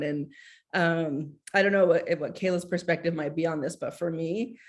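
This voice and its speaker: A woman's voice: lowish voice, a little fast. Candid mother talking on a video call. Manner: candid and heartfelt, many filler likes. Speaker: school social worker. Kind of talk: casual video-call presentation.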